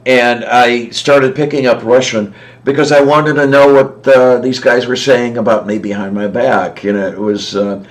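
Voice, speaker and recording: A man from southwest Pennsylvania hosting a casual livestream chat, rambling and chuckling, often trailing off softly. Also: medium pitch, fairly even intonation, moderate pace, hardly any pauses. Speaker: livestream host.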